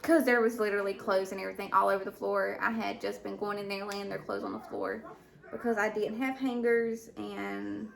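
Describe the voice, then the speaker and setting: A stay-at-home mom vlogging at home in casual chat, hesitant with many fillers and restarts, sounding overwhelmed and emotional. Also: female voice, medium pitch, animated, brisk, creaky, crowd noise. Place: at home indoors. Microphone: camera mic.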